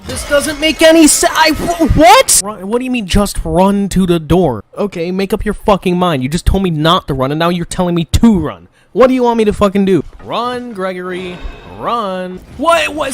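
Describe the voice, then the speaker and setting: A man yelling furious, profane commentary while playing a video game. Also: high-pitched, lively intonation, measured pace, faint music behind. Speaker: gamer. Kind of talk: raging gameplay commentary.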